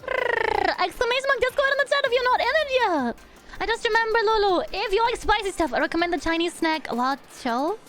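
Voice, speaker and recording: A woman's voice: very high-pitched, animated, a little fast, fairly bright tone, soft background music. A woman streaming live, chatting casually with her viewers in a bubbly, silly way and humming nonsense syllables between remarks. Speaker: virtual streamer. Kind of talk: casual livestream chat with viewers.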